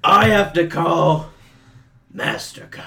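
Homem animado, fala alta e rápida. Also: male voice, fairly high pitch, slow, vocal fry, pushed and bright. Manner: blustering, laughs often. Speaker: comedy podcast host. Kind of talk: improvised comedy sketch.

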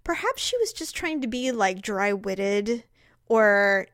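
A woman's voice: medium pitch, lively intonation, slow, a bit bright, no echo, clean studio sound. A woman in her thirties chatting casually as co-host, telling stories animatedly and acting out quotes with laughs. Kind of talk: casual chat, storytelling.

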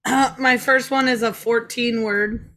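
A woman's voice: on the high side, steady tone, unhurried, bright, forceful tone. A woman in casual movie-review chat, sarcastic and swearing, acting out scenes. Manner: sarcastic, swears, acts out quotes.

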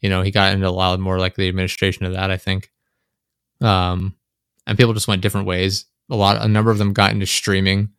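A young man chatting casually on a podcast, rambling and animated, swearing often, close to his microphone. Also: deep voice, fast, clean tone, no echo. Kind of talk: casual chat. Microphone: close desk microphone.

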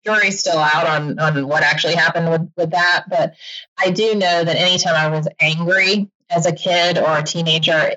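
Bright, lo-fi middle-aged woman. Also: fairly low pitch, normal speed. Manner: candid, animated, laughs often. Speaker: podcaster and author guest. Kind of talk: casual interview chat.

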